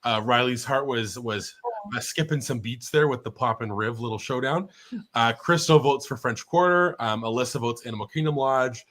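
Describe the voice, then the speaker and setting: A man's voice: mid-range voice, moderate pace, a bit bright. A man hosting a live-streamed casual chat who rambles with lots of fillers and reads out viewer votes. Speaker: host.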